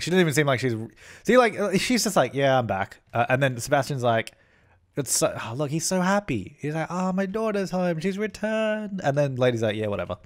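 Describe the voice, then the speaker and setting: Young man, casual gameplay commentary, chatty, rambling, mid-pitched voice. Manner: chatty, self-correcting, often voicing his characters. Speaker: gaming YouTuber. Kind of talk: casual let's-play commentary.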